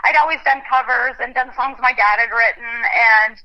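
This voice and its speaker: A woman's voice: a little high, steady tone, normal speed, sharp tone. A young adult woman from Texas, a country singer, chatting casually in an interview and laughing often, heard over a phone line. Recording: muffled phone-line audio.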